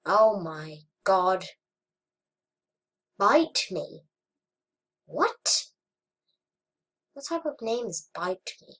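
A young woman chatting casually over her gameplay, murmuring to herself and then bursting into frustrated shouts. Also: medium pitch, sing-song, very slow, long pauses. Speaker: gaming vlogger. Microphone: webcam or desk mic.

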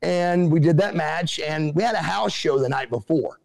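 A middle-aged man tells his stories as an interview guest, with a gravelly, slightly high voice. He is animated and acts out what others said in put-on voices. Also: moderate pace. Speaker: interview guest, former pro wrestler. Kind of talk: casual storytelling.

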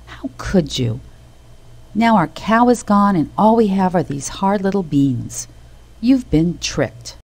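A woman's voice: medium pitch, animated, takes it slowly, darkish tone, voice pushed up. A woman voicing a poor, worried mother in a storybook reading. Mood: upset. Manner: worried, scolding.

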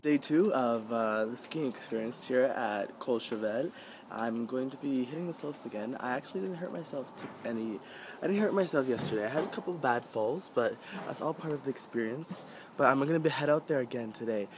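A young man chatting excitably to his camera while skiing on a snowy mountain, joking at his own expense. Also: mid-range voice, fairly quick. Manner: excitable, chatty, self-mocking. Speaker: vlogger. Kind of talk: casual vlog chat to camera. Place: outdoors on a snowy ski mountain. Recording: noisy outdoor mountain ambience.

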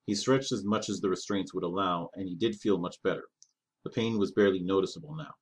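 Low-voiced man reading a novel aloud. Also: brisk, breathy edge.

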